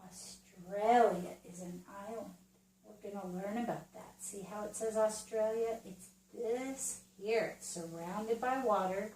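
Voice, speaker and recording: A woman Montessori teacher walks through a children's geography lesson, speaking slowly and gently and pausing often. She is recorded from some distance in a room with a noticeable echo, and her voice sits at a middle pitch. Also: a little hiss or hum. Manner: slow, patient, speaks as if to a small child. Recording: roomy, from away from the mic.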